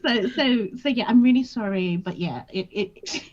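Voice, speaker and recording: A woman's voice: a little high, normal speed. Frank woman guest on a dull, lo-fi stream. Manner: frank, self-deprecating, full of fillers. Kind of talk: casual chat on a livestream.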